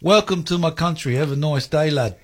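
A man's voice: on the high side, brisk, voice pushed up, close to an everyday voice. A towering, friendly airport worker with a broad English accent, as a man puts him on. He reassures a lost traveller in a hearty, slightly raised voice. His tone stays cheerful and easygoing. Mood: reassuring.

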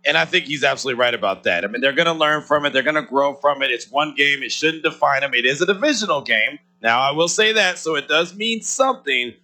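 A man's voice: on the high side, expressive, fast, hardly any pauses, pushed and bright. A man co-hosting a sports radio show, talking in a loose, joking, conversational way. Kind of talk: casual sports radio chat.

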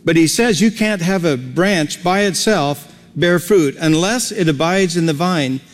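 A man's voice: fairly high pitch, a little slow, long reverb tail, faint music behind. A male pastor preaching a sermon in a folksy, conversational way, with homely everyday examples.

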